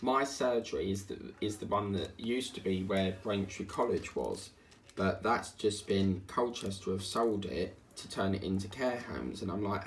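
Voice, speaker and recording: Bloke rambling on while he crafts, lowish voice, mic a bit far off w faint hiss. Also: normal speed. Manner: rambling, chatty, grumbling asides. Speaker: diamond painting vlogger. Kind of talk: casual chat while crafting.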